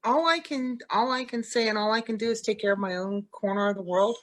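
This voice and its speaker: A woman's voice: a little high, fairly quick. Earnest woman guest, repeating her point. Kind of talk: casual chat.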